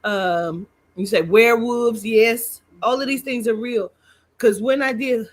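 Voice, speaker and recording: A woman co-hosting a podcast, chatting casually with loud laughter and plenty of swearing. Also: a little high, a little slow. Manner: loud, profane, bursts into laughter. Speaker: podcast co-host. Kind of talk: casual chat.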